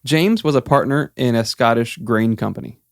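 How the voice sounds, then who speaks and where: A man's voice: mid-range voice, normal speed, gravelly, no room sound. Casting note: podcast co-host, male, Florida, easygoing storyteller, dry close sound. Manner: relaxed, filler-heavy with many ums.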